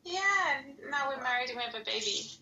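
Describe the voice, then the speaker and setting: Chatty, bright-voiced woman. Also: sits high, lively intonation, fast talker, dull audio. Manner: candid, chatty, swearing. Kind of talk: casual chat.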